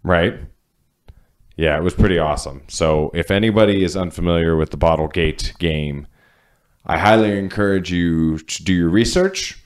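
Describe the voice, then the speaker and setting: A man's voice: sits low, moderate pace. A man with a Cleveland accent co-hosting a podcast, talking bluntly and swearing freely in casual chat. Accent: Cleveland, Ohio. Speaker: podcast co-host.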